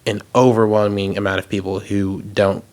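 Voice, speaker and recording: A man hosting a podcast, explaining his points in a measured, thoughtful way. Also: on the low side, flat delivery, darkish tone. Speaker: podcast host. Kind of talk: podcast conversation.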